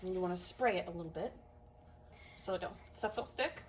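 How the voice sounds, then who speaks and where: This home cook vlogger and mom talks a little fast in a fairly low voice, with background noise behind her. She's folksy and chatty, joking at her own expense while filming a relaxed cooking video in her kitchen.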